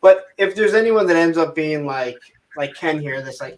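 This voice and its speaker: A man's voice: fairly high pitch, animated, moderate pace, few pauses. A tired man chatting loosely with friends on a livestream video call, rambling as he goes. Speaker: regular panelist on a toy livestream. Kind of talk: casual chat. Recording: distant-sounding call mic.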